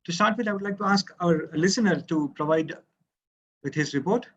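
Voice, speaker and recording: A man's voice: sits high, a little fast, muffled recording. A man acting as general evaluator at a club meeting, formally and politely introducing speakers over a video call.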